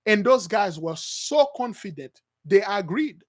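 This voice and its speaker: A man's voice: sits high, very animated, unhurried, no echo, clean studio sound. A man preaching with passion, acting out quoted voices, with many fillers and restarts. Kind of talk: impassioned religious teaching.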